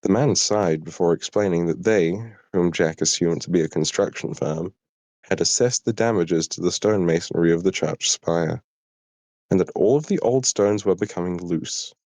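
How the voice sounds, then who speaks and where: Tired low-voiced British man, southern English accent, live story reading, dry sound. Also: normal speed, darkish tone, no echo. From Britain. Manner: apologetic, chatty asides. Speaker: streamer reading his own story.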